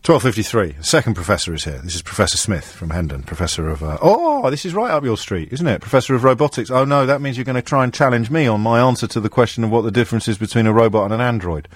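Host, male: brisk, lively pitch, playful and self-mocking, dry studio mic. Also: slightly rough, no echo. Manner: fast, quick-witted, playful, self-deprecating. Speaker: radio host. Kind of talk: live radio phone-in. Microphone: studio microphone.

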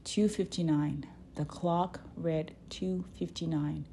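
A woman reading her children's book aloud, slow and deliberate, with small restarts. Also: low voice, fairly even intonation, creaky, warm tone, slight background noise.

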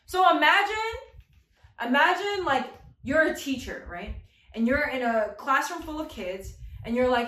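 In an echoey room, a woman with a high-pitched voice preaches a casual, slangy youth sermon at normal speed. She's animated and jokey, addressing her listeners directly.

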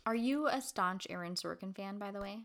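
A woman's voice: medium pitch, brisk, fairly bright tone. A woman in her thirties co-hosting a podcast, chatty and giggly in casual conversation. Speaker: podcast co-host. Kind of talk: casual chat.

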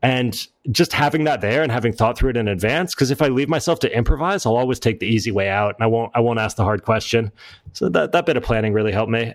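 Male guest, casual and animated storyteller, mid-pitched, dry close mic. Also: dry recording. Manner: animated, acts out quoted dialogue with raised pitch. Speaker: entrepreneur guest.

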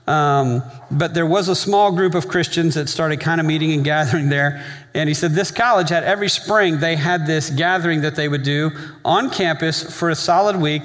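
A man's voice: a little high, a bit bright, in a large hall. A man preaching a sermon as pastor, telling a story to the congregation and then leading them in prayer.

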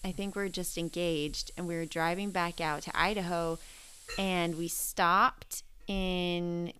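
A young woman co-hosting a podcast, telling a story in casual chat and acting out quoted lines with big jumps in pitch. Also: fairly even intonation, measured pace, sharp tone, clean tone. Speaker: podcast co-host.

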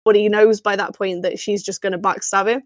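A woman's voice: medium pitch, level tone, a little fast, no echo. A woman co-hosting a podcast in casual chat, talking freely and laughing often. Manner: chatty, laughing often, lots of fillers. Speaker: podcast co-host.

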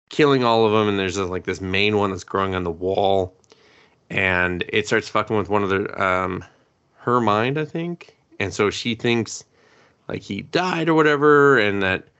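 A man's voice: low voice, fairly bright tone, clean tone. A man co-hosting a podcast, casually recapping a show in a loose, rambling way, full of fillers, swearing and laughing. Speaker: podcast co-host. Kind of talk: casual chat recapping anime. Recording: dull lo-fi podcast audio.

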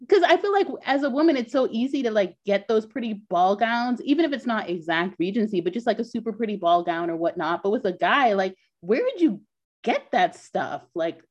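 A woman co-hosting a podcast in casual chat, talkative and quick to laugh, with lots of filler words. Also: mid-range voice, lively intonation. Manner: chatty, laughs often, many "like" fillers. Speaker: podcast co-host. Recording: dull lo-fi sound.

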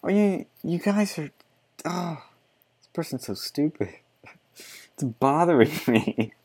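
A man's voice: a little high, expressive, takes it slowly, a little mellow, slightly rough. A man reading an article aloud and mocking it with sarcastic, profane commentary, often laughing.

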